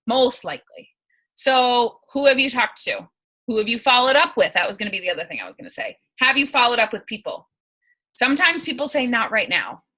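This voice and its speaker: Brief: bright-voiced young woman, team leader, chatty and emphatic, video-call mic. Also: fairly high pitch, rough recording. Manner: chatty, emphatic, laughs often. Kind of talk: casual coaching talk on a video call.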